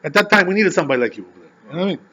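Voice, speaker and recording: A man who is a rabbi teaching an informal Torah class, animated and constantly checking in with "you know" and "right?". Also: high-pitched, racing, dull audio, a little hiss or hum.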